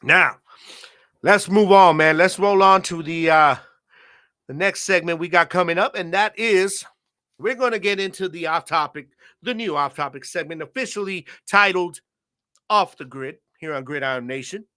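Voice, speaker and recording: A man's voice: high voice, moderate pace, bright, forceful tone. A man hosting a football podcast alone, talking casually and laid-back, full of slang and fillers like "man" and "you know". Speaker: podcast host. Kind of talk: casual solo podcast talk.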